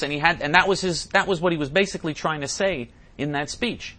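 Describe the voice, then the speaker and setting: A man's voice: on the high side, fairly quick, sharp tone. A male talk show host answering listener letters in an emphatic, repetitive way.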